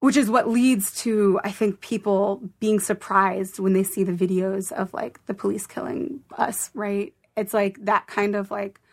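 A woman speaks as a podcast guest in relaxed conversation. She is earnest and thoughtful and often pauses on "like" while she finds her words. Her pitch sits in an ordinary middle range. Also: vocal fry.

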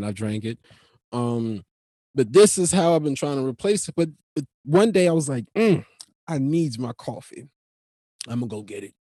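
New guy ranting a funny story, cussing a lot, dry close sound, middle pitch. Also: no echo. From New York. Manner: profane, animated, rambling. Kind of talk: comic storytelling monologue.

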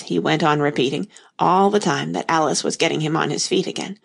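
A woman narrating a storybook as an audiobook reader, steady and unhurried. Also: deep voice, gravelly. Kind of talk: scripted narration.

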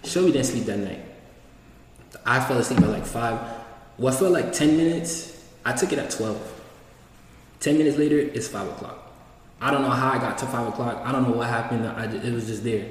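A man's voice: medium pitch, normal speed, pauses often. A young man tells a long, rambling story in loose, slangy talk, acting out every line he quotes. His voice rings in a very echoey room, picked up from a distance with a faint hiss under it. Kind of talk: casual storytelling.

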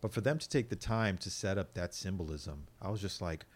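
A man chatting casually on a podcast, animated, laughing easily and swearing casually. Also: low voice, brisk. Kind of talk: casual chat.

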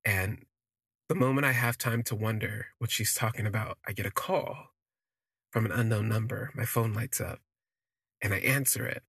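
Relaxed and chatty, this podcaster narrates something from his own life at a moderate pace, drawing out words and using fillers. He has a lowish, gravelly voice with a touch of huskiness. The recording is close and dry, without echo.

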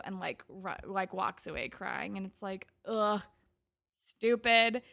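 A young woman with a gravelly, fry-heavy voice talks through a TV episode in loose, sarcastic chat full of "like". The sound is dry and close, with no room around it. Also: mid-range voice, takes it slowly, bright, forceful tone, dry recording. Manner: chatty, sarcastic, heavy use of "like". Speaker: podcast co-host. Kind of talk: casual chat recapping a TV episode.

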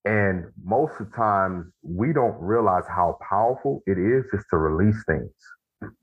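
Man, very low pitch, husky tone, earnest storytelling, phone-band audio. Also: animated, phone-quality sound. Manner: earnest storytelling, slows for emphasis. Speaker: podcast guest, author. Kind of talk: casual conversation.

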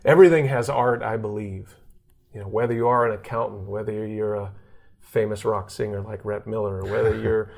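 A man's voice: fairly low pitch, a little fast, creaky. A man from Texas who works as a sportscaster, telling stories in a podcast interview and acting out the voices of people he quotes. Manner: animated, acts out quoted voices. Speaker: guest sportscaster. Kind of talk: casual storytelling interview.

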